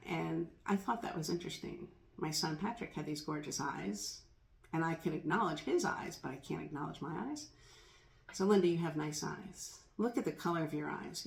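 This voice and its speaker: A middle-aged woman speaks in a low, creaky voice, recalling a personal experience in an earnest, thoughtful way. She voices the gentle lines she says to herself, and the room she's in sounds echoey.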